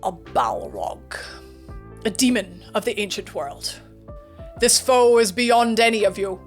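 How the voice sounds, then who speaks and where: A woman voicing a commanding old male wizard in a storybook reading, speaking gravely and barking orders. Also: mid-range voice, animated, takes it slowly, faint music behind, pitched below the performer's own voice. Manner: grave, then shouting orders.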